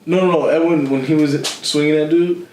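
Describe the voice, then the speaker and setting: A man's voice: a little high, fairly even intonation, brisk, a little mellow, slight background noise. Laughing young man telling a story. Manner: laughing often, slangy, acting out voices of others. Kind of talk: casual storytelling chat. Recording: echoey room.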